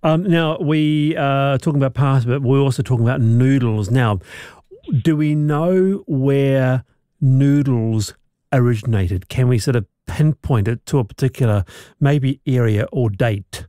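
A male radio host with a mellow, relaxed tone, recorded dry and close in the studio. He asks his questions conversationally, with some hesitant restarts. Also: mid-range voice, a little slow, no room sound. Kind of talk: radio interview.

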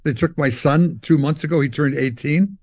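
A man's voice: a little high, normal speed, no room sound. An older Canadian man, a musician guest in an interview, telling long stories and acting out voices and guitar sounds. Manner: animated storyteller, acts out dialogue and guitar sounds. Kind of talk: storytelling interview.

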